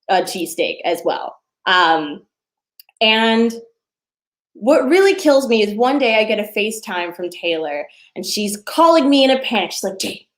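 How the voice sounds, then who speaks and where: A woman in her twenties doing a stand-up set from home over a video call, telling a story with many fillers and playful asides. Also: mid-range voice. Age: 20s. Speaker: stand-up comedian.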